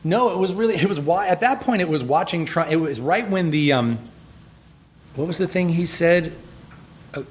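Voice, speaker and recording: A man's voice: a little high, lively intonation, moderate pace. A man guesting on a podcast, telling stories in casual chat, acting out quotes and laughing as he talks. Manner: storytelling, laughing asides, acts out quotes.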